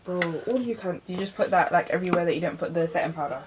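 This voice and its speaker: A woman's voice: fairly low pitch, fast talker. A woman chatting playfully and teasing her friend at home. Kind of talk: casual chat. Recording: noisy home video recording.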